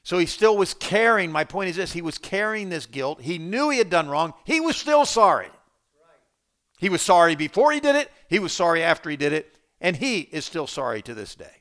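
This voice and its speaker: A pastor preaching a sermon, dropping to quiet low asides and then rising to loud emphatic lines. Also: male voice, very animated, a little fast, hardly any pauses.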